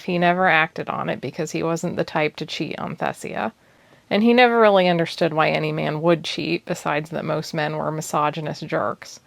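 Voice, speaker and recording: Low gravelly woman reading a story. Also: no echo. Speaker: audiobook reader. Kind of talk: storybook narration.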